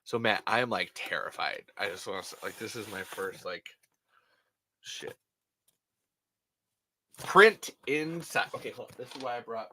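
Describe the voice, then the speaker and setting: A man in his thirties hosting a casual livestream, rambling and self-deprecating, swearing freely and breaking into loud impressions. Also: on the low side, slight background noise. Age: 30s. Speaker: livestream host. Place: hot upstairs room.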